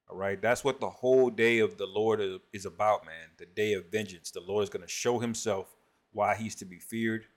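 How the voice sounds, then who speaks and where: A man giving casual spoken commentary on scripture and prophecy, often tagging his sentences with "man" and reading verses aloud slowly. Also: lowish voice. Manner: conversational, peppers speech with "man".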